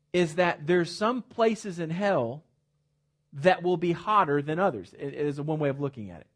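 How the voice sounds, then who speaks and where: A pastor delivers an emphatic sermon in a church sanctuary, his voice sitting a little higher than most men's. He stays animated throughout, drops joking asides, and often repeats a word as he starts a new thought. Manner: repeats words when starting phrases.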